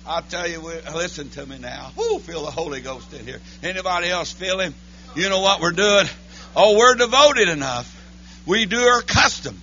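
A man preaching a holiness church sermon, chanting his lines between breathy "uh, amen" beats. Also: sits high, lively intonation, normal speed, sharp tone, muffled recording, slight background noise. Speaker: pastor. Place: church sanctuary.

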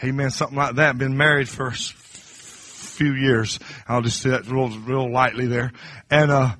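A middle-aged man preaching a sermon, dropping to low confiding talk and then rising to high shouted crescendos. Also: steady tone, normal speed, no room sound.

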